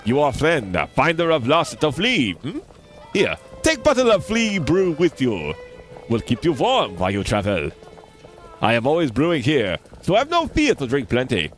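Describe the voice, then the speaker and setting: A man puts on a fussy male bug brewer from a video game, talking in clipped, broken English with a hammy mock French accent. The voice swoops widely in pitch. Faint music plays underneath. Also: wildly swooping pitch, normal speed. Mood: hospitable.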